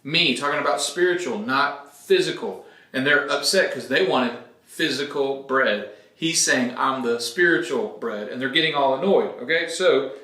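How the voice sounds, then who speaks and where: A man's voice: medium pitch, moderate pace, few pauses, pushed and bright. A middle-aged man, a pastor, walking through scripture in a casual, explanatory teaching style and often checking in with his listeners. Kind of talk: conversational Bible teaching. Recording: echoey room.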